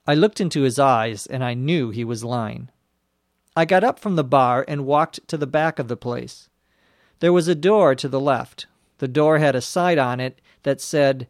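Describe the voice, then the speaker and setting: A man narrating a detective story slowly and clearly, as an audiobook for learners. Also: mid-range voice, no room sound, studio quality. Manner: slow and clearly spaced.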